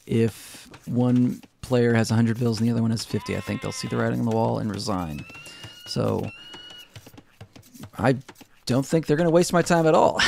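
A young game caster gives casual, chatty commentary on a strategy game, teasing himself and laughing at his own jokes. His mid-range voice has vocal fry and a dark tone, with slight background noise.

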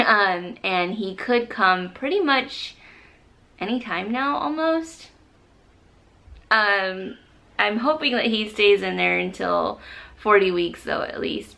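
Breathless, chatty young woman with gravelly edge. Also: medium pitch, sharp tone. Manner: chatty, rambling, many fillers. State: short of breath. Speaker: pregnancy vlogger. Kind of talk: casual chat to camera.

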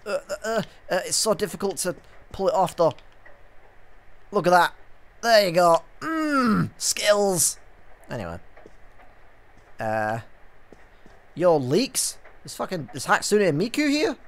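A man's voice: high-pitched, big pitch swings, measured pace, long pauses. A young man hosting a let's play, chatting in a rambling way that trails off into fillers. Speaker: gaming channel host.

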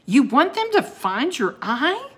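A woman's voice: high-pitched, very animated, measured pace, fairly bright tone, voice pushed up, full character voice. A woman voicing an earnest young male sorcerer's apprentice with formal, old-fashioned speech.

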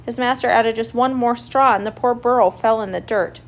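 A woman reading a children's story aloud in a clear, expressive, steady way. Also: fairly high pitch, moderate pace, few pauses. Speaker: story reader.

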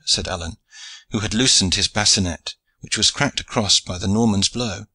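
A man narrating an audiobook in a measured storytelling way, close to the mic. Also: lowish voice, sharp tone, husky. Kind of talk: scripted narration.

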